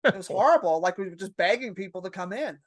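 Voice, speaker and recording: A woman comedian, a podcast guest, telling stories in a lively, profane way and acting out her own panic. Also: medium pitch, fast, no echo, studio quality. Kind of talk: casual podcast storytelling.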